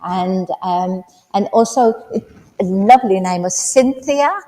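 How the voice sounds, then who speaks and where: A woman working as a medium at a service, relaying spirit messages in a halting way full of ums, in a village hall. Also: mid-range voice, warm tone. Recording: echoey hall, faint background noise.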